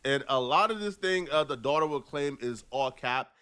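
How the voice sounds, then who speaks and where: A man's voice: mid-range voice, animated, normal speed, sharp tone, clean tone. A man casually narrating a court case, reading out claims and commenting on them. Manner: conversational, reads out claims with commentary. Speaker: video narrator.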